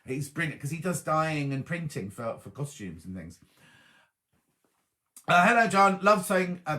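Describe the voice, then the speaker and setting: A man's voice: fairly high pitch, sharp tone. A man hosting a casual live stream, chatting and reading viewer comments aloud and answering them. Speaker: host reading live chat.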